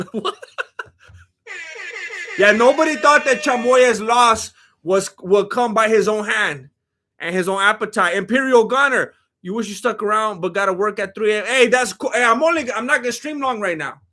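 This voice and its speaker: A man with a very high, bright voice rambles through casual live-stream commentary. He speaks in loose slang, cracks jokes, and breaks off to answer chat.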